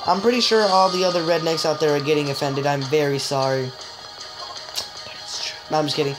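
A woman giving joking, excitable let's-play commentary, chatting straight to viewers and letting out sudden high yelps. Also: moderate pace, low-quality recording. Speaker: gamer. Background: game music.

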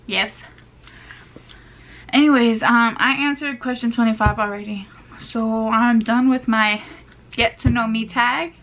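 A woman's voice: fairly high pitch, fairly even intonation, a little slow, pauses often, a bit bright. A woman of twenty-one, answering get-to-know-me questions in a casual, sassy vlog while chewing gum. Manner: chatty, sassy, playful asides to viewers. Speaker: beauty vlogger.

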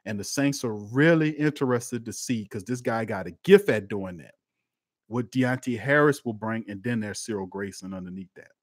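A man, hosting a live-streamed sports talk show and chatting with his viewers, swinging between loud outbursts and quiet asides. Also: lowish voice, normal speed, no room sound, studio quality. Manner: lively and conversational, talks to chat, swings from loud to quiet.

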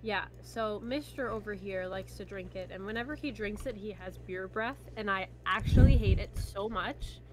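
A woman's voice: medium pitch, moderate pace, few pauses, very noisy. A woman chatting on a stream, blunt and playful. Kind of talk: casual stream chat.

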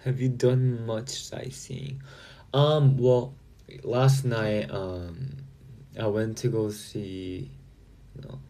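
A man casually chatting with fans on a livestream, reading out and answering their comments in a relaxed way. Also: on the low side, extremely slow. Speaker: livestream host.

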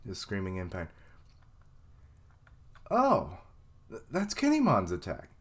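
Slow-talking low-voiced man reacting live. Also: slightly rough. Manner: excitable, swears freely, laughs and voices characters. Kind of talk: casual live reaction commentary.

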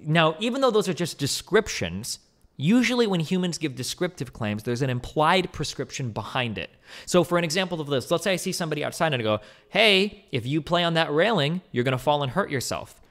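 A young man streaming, explaining ideas in fast, rambling, profane casual talk with acted-out examples. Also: fairly high pitch, big pitch swings, a bit bright. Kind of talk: casual livestream commentary.

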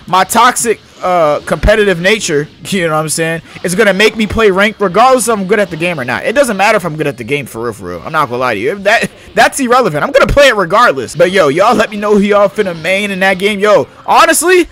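A young adult man giving casual let's-play commentary, slangy and excitable, hyping and yelling at the game as he plays. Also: high voice. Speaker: gaming YouTuber.

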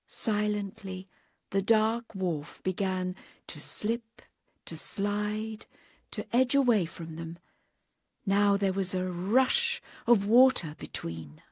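A woman narrating an audiobook short story in a measured, hushed manner that drops into soft whispers. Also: mid-range voice, breathy edge, no room sound, clean studio sound.

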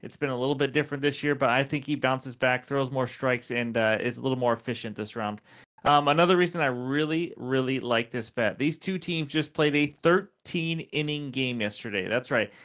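A man's voice: mid-range voice, normal speed, fairly bright tone. A man hosting a sports betting show, rattling off statistics in an easygoing, conversational way. He fills gaps with "um" and "uh" as he builds his case for each pick. His voice is wearing thin. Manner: chatty, fillers and stat rundowns. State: losing his voice. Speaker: sports betting podcast host. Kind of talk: casual betting picks talk.

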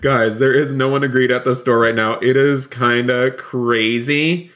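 A man streaming a role-play game live, excitable, talking to his chat and repeating himself. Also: mid-range voice, unhurried. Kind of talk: live gameplay commentary.

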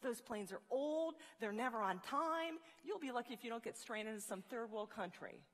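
A woman's voice: on the high side, lively intonation, normal speed, fairly bright tone. A woman playing a snarky, negative hairdresser who dismisses everything with scorn, in a big echoing hall. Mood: scornful. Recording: long reverb of a large hall.

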